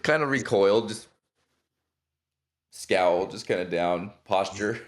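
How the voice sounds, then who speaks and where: A man hosting a podcast, chatting casually and reacting to his guest in a relaxed, agreeable way. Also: sits low, slow. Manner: relaxed, agreeing, easily amused listener. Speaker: podcast host.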